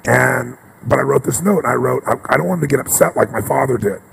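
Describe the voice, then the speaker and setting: Male motivational speaker, very rough, raspy voice, animated personal storytelling, clear background noise on the track. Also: medium pitch, quick pace, poor audio. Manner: emphatic, animated storytelling, often asking "right?".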